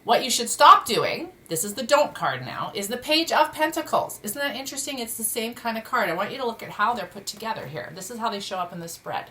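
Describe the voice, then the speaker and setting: A woman reading tarot cards at home, chatty and expressive, exclaiming at what she turns over and speaking bluntly. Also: medium pitch, moderate pace. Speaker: tarot reader. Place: home room during a move.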